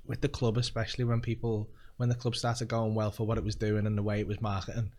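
A man's voice: fairly low pitch, monotone, quick pace, darkish tone. A man hosting a podcast, chatting loosely, mocking himself and swearing casually. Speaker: podcast host. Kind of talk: casual chat.

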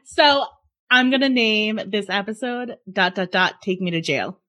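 A woman's voice: medium pitch, expressive, unhurried, fairly bright tone. A woman hosting a podcast who talks in a teasing, playful way. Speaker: podcast host. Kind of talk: casual podcast chat.

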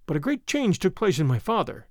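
A man narrating a story in a measured audiobook reading. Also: high voice, sing-song, dry recording, studio quality.

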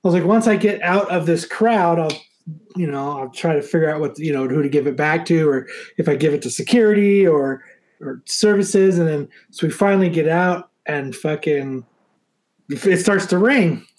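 A married man casually telling a story on a podcast, animated, swearing freely and laughing often. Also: fairly high pitch, moderate pace. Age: adult, married.

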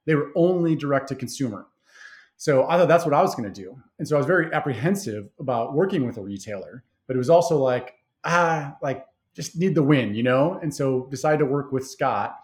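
A man's voice: medium pitch, lively intonation, fairly quick. A man being interviewed about starting his party game company, talking in an easygoing way with plenty of fillers and restarts. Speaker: game creator guest. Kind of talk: conversational interview.

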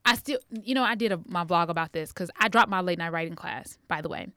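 A woman's voice: fairly low pitch, quick pace, dry recording. A woman from Chicago telling stories in casual chat, laughing often and acting out what people said. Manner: animated storytelling, acting out quotes, laughs often.

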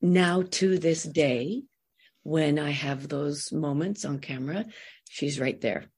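Woman, low husky voice, from Canada, actress guest, animated chatty storytelling. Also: takes it slowly. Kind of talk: casual interview storytelling.

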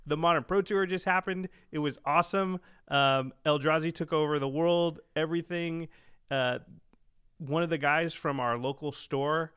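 A man's voice: a little high, steady tone, normal speed, fairly bright tone, clear, resonant tone. A man co-hosting a casual podcast, joking, laughing often and recommending things. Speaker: podcast co-host. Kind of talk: casual chat.

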